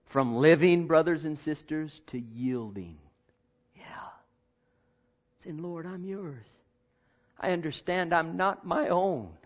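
Guy preaching a sermon, kinda high voice, goes loud then real quiet, dull lo-fi sound. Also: takes it slowly, long pauses. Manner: dramatic, swings from loud to near-whisper.

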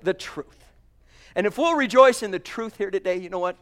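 A man preaching a sermon, fervent, swinging between loud exclamations and hushed asides. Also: high voice, moderate pace.

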